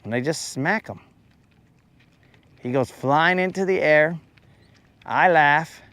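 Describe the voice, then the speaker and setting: A man's voice: on the high side, slow pace, a bit bright, no room sound. A young man casually talking to viewers while fishing, joking around in playful, slangy banter. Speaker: fishing vlogger.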